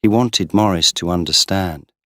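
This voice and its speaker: A man reading a simple story aloud for English learners, slow and deliberate. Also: low-pitched, sharp tone, no room sound, clean studio sound. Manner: slow, deliberate, clearly paced. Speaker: audiobook narrator. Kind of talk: scripted narration for English learners.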